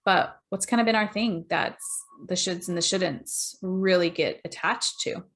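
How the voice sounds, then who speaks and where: A woman's voice: on the low side, measured pace, a bit bright. Chatty woman podcast host. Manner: conversational, checks in with "right?" and "you know". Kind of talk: casual podcast conversation.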